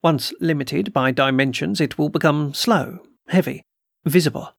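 A man voicing a calm, deliberate occult doctor. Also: fairly high pitch, creaky, no room sound, clean studio sound. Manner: quiet, slow and deliberate. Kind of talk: audiobook character reading.

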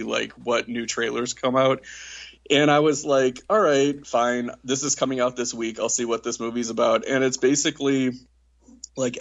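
A man co-hosting a podcast in casual chat, rambling with many fillers and quick giggles. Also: medium pitch, a bit bright, highs cut off. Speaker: podcast co-host.

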